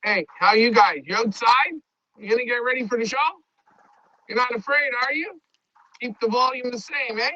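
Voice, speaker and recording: Loud, bright-voiced man at his pigeon loft. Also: very high voice, normal speed, no room sound. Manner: loud, talks to his birds. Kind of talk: live stream walkthrough. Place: pigeon loft, outdoors nearby. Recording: dull lo-fi stream audio.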